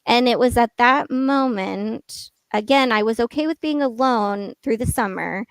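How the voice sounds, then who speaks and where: Podcast guest: woman, higher voice, candid storyteller, dry close sound. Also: unhurried, clean tone, no room sound. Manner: candid, storytelling, quotes people in dialogue. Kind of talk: personal story in a podcast interview.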